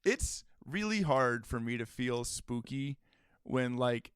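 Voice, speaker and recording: A man's voice: medium pitch, animated, takes it slowly, smooth, no echo, clean studio sound. A man co-hosting a comedy podcast, chatting casually and joking, often laughing. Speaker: podcast co-host.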